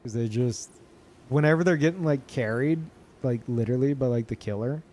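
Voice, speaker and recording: A man streaming a game live, chatting casually to his viewers, excitable, swearing freely and laughing often. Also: mid-range voice, brisk. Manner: talks to chat. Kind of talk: casual live gameplay commentary.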